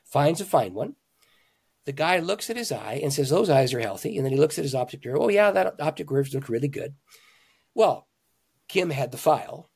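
A man, a pastor and author, telling stories in an interview with animated emphasis, swinging between loud, excited lines and hushed ones. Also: fairly high pitch, moderate pace, gravelly, slightly rough. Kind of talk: conversational storytelling.

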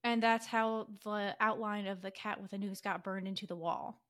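A woman podcast co-host casually retelling a story, animated and full of fillers, acting out characters' lines in quick quoted voices. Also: medium pitch. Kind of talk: casual chatty story summary.

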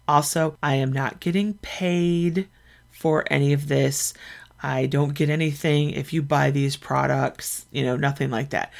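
A woman hosting her own podcast, telling stories in a chatty, animated way. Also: low-pitched, vocal fry. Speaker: podcast host. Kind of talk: casual solo podcast chat.

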